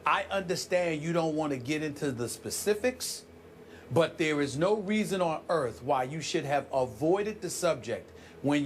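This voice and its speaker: A man co-hosting a sports debate show in a TV studio, talking forcefully and building emphasis while a little under the weather. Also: a little high, slight background noise. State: sick, clears throat.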